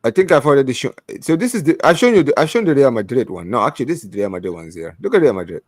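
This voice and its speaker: A young man co-hosting a casual football talk show, animated and repeating words as he talks over his co-host. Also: mid-range voice, racing, dry recording, clean studio sound. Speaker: podcast co-host.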